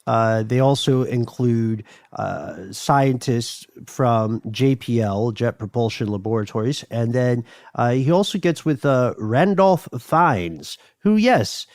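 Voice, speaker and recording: A man's voice: mid-range voice, darkish tone, no room sound. Podcast co-host guy, medium voice, rambly casual storytelling, dry studio sound. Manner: chatty, many fillers and restarts.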